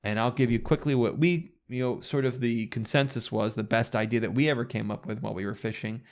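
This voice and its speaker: A man's voice: mid-range voice, fairly even intonation, fairly quick, a little mellow. A man chatting casually as a guest on a gaming podcast, rambling and restarting his sentences with enthusiasm.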